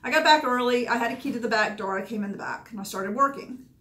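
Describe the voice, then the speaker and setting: A woman's voice: a little high, fast, fairly bright tone. A woman, a dog groomer candidly recounting past events in short, emotional bursts. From Georgia, USA. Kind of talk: personal storytelling. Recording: echoey room.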